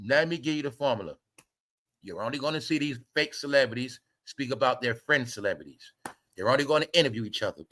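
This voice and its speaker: A man with a high, bright voice delivers a heated gossip commentary. He swears freely and lectures his viewers, hammering the same points again and again. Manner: heated, swearing, repetitive and preachy. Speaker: commentary channel host. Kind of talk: ranting celebrity gossip commentary.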